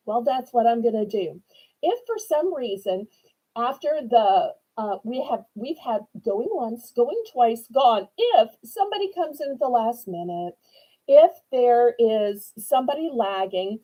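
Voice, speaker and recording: A woman's voice: high voice, expressive, normal speed, warm tone, low-quality recording. A woman, chatting sweetly and eagerly as she hosts a live online auction. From New Orleans, Louisiana. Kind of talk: live-stream sales chat.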